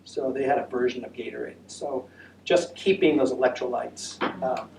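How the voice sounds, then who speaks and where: An American man with a steady, slightly mellow, medium-pitched voice and some vocal fry talks at a moderate pace about a long walk. His casual senior center presentation is chatty and rambling, full of fillers, with audience questions. The room echoes, the voice is distant, and there's faint noise.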